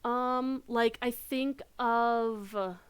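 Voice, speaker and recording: Excitable rambling woman game streamer. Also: fairly high pitch, very slow, smooth. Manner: excitable, rambling, many fillers. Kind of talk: casual chat while playing.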